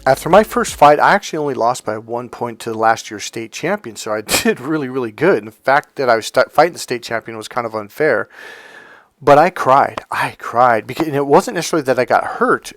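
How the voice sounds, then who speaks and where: A man's voice: mid-range voice, a little fast, no room sound. A middle-aged man, an NLP trainer, giving a casual motivational talk and acting out bits of dialogue as he tells stories. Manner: storytelling, acts out dialogue, animated asides.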